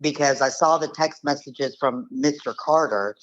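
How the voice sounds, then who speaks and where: A woman's voice: sits low, moderate pace, muffled recording. A woman telling the story of her uncle's losses in a blunt, emphatic, casual way. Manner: emphatic, blunt retelling with acted quotes. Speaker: scam victim's niece, guest.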